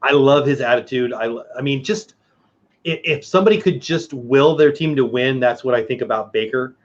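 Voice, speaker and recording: A man's voice: medium pitch, moderate pace. A man hosting a livestream in casual chat, rambling and joking at his own expense. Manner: rambling, self-deprecating, joking. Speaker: livestream host. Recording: muffled lo-fi stream audio.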